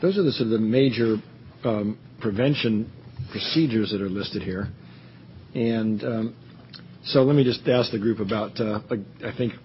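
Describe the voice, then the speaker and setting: A man's voice: lowish voice, moderate pace, dull audio, a little hiss or hum. Hesitant man leading a panel discussion. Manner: rambling, hesitant, many fillers. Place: meeting room.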